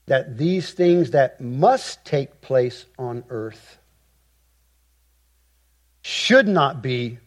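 A man preaching an expository sermon, with emphatic rhetorical repetition and deliberate phrasing. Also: mid-range voice, lively intonation. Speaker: pastor.

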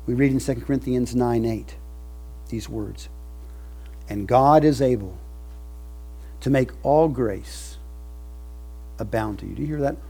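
A man preaching a sermon, building to loud emphatic peaks and falling soft at the ends of phrases. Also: medium pitch, vocal fry, husky, rough recording. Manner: leads congregation in recited scripture. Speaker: pastor.

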